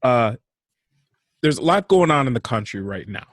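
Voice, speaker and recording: A man's voice: mid-range voice, expressive, moderate pace, no room sound, clean studio sound. A young man co-hosting a casual podcast, speaking bluntly with plenty of swearing and frank opinions. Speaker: podcast co-host.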